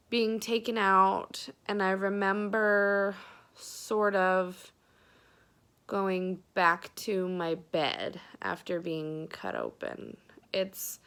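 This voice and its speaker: Young woman vlogger, tearful personal story, slow and halting. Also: mid-range voice, fairly bright tone, clear, resonant tone. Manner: emotional, close to tears, many fillers.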